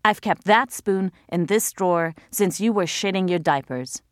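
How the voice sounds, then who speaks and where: A woman voicing a bitter, scornful older housewife in an audiobook, mocking and accusing, a little higher than her narrating voice, in a dry recording. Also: normal speed, no room sound, natural voice. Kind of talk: audiobook character voice.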